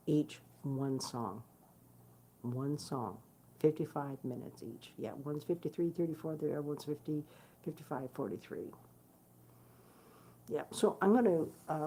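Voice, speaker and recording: Speaking a little slowly in a warm, low voice, a female guitarist chats casually with her followers on her stream, addressing the camera directly. She curses openly and often stumbles into fillers and restarts, and there is a little hiss or hum in the audio.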